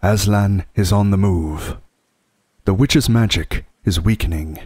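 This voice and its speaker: A man voicing a huge, glad old Father Christmas, speaking slowly and solemnly. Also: sits low, darkish tone, breathy edge, no echo, studio quality. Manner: slow and solemn.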